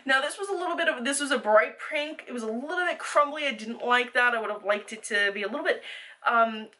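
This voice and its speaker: A woman's voice: fairly high pitch, fast, pushed and bright, distant mic, low-quality recording. A woman giving a chatty, detailed makeup haul review, with fillers as she goes. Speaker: beauty vlogger.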